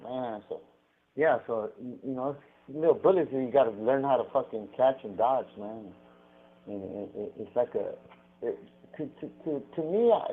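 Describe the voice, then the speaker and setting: A man telling stories over a prison phone call, profane and rambling with frequent restarts. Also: lowish voice. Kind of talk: casual storytelling on a phone call. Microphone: prison payphone handset. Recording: tinny prison phone line.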